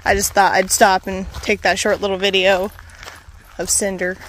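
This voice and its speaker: A woman's voice: medium pitch, little pitch movement, normal speed, fairly bright tone, a little hiss or hum. A woman vlogging casually on an outdoor trail, chatting and talking to her dog as she walks. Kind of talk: casual walking vlog.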